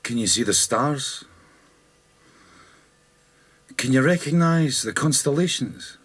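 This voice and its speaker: A man with a Scottish accent voicing a bewildered Highlander lost in space, musing in a slow, searching ad-lib on a concept album. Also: lively intonation, slightly rough.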